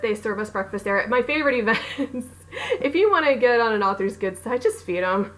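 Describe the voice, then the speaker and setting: A young adult woman, an author and book vlogger, chats casually about her favorite books in a recommendation vlog, gushing with bubbly enthusiasm and acting out her own reactions. Her voice is fairly high, expressive, fairly quick and a bit bright. The audio quality is poor.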